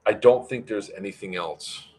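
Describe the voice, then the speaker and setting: A man's voice: fairly low pitch, moderate pace, a little mellow, slightly rough. A man organizing an airsoft event, giving a casual, rambling livestream update full of fillers and answering questions from chat.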